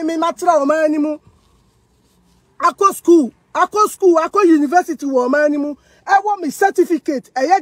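A woman's voice: sits high, no room sound. A woman with a Ghanaian accent delivering a heated monologue, mixing Twi and English, accusing and defending herself. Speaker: social media personality. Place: living in Germany.

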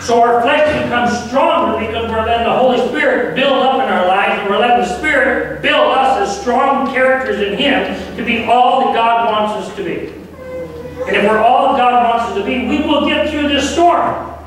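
High-voiced guy preaching hard in a big echoey church, mic kinda far off. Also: moderate pace, fairly bright tone, a little hiss or hum. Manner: earnest, emphatic, grows fervent. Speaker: guest preacher. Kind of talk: sermon. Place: church sanctuary.

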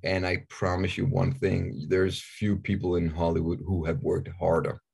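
A Danish-accented man in his forties talks in a low, gravelly voice with a husky edge. He chats casually and candidly in an interview, joking and stumbling over repeated words. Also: little pitch movement, normal speed, darkish tone. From Denmark. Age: 40s. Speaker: actor, interview guest.

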